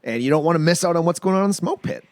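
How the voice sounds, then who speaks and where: A man hosting a casual podcast, telling stories with lively, acted-out quotes. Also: fairly high pitch, rapid-fire, no echo. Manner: animated storyteller, acts out quoted voices. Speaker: podcast host.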